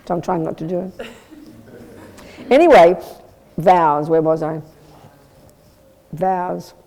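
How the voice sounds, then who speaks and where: A woman teaching as a Buddhist nun, giving a blunt, lively, conversational dharma talk and answering questions from her listeners. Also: lowish voice, slow. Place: Buddhist centre teaching room.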